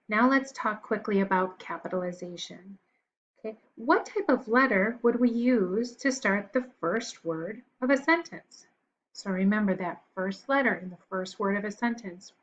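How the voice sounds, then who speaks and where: Woman teacher, encouraging young pupils, patient, mid pitch, slightly muffled recording. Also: slight background noise. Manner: patient, encouraging, pauses for answers. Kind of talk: recorded classroom lesson.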